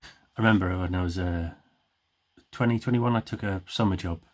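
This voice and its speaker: A man's voice: low-pitched, moderate pace. A middle-aged man telling long shaggy-dog jokes in a rambling way, with many restarts. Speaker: joke teller.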